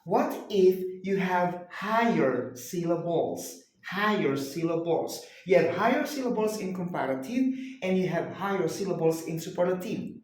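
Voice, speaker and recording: A man's voice: a little high, a little mellow. Male tutor, patient question-and-answer drilling; roomy echo. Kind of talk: one-on-one grammar lesson. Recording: very echoey room.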